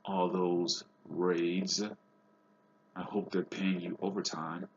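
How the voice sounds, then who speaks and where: A man's voice: deep voice, flat delivery, slow pace, dull audio, a little hiss or hum. A man voicing a sneering cold rich wizard. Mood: mocking. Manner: cold, mocking. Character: sneering arrogant wealthy older wizard man.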